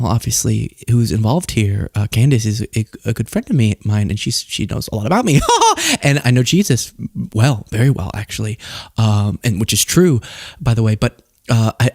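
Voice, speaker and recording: A man's voice: mid-range voice, no room sound, clean studio sound, voice pushed down, close to an everyday voice. A man doing a mocking impression of a political TV host who hedges, halts and just asks questions. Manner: halting, full of "um" and "uh", just asking questions. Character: impression of a male political TV host, hedging and halting.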